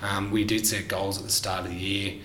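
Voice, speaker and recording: A man's voice: sits low, little pitch movement, brisk, a bit bright. A man co-hosting a business podcast, chatting in an upbeat way with plenty of fillers. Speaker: podcast co-host. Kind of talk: casual business podcast chat. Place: studio room. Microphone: desk microphone. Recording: echoey room, faint hiss.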